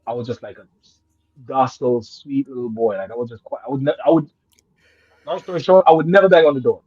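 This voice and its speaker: Raised in Jamaica, this man tells a story in loose conversation as a guest, his fast, husky voice leaping from loud, excited bursts to quiet murmurs, with frequent laughter and cursing. The lo-fi recording has no echo.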